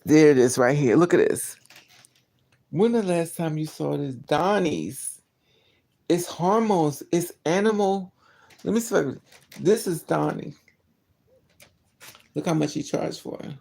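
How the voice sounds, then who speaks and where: A woman's voice: low voice, darkish tone. A woman chatting casually on a live stream from her car, telling stories and quoting people in raised voices. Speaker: vlogger.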